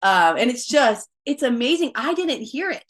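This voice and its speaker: A woman's voice: sits high, big pitch swings, moderate pace. A woman guest on a podcast, telling a personal story casually and quoting her own thoughts aloud with many fillers.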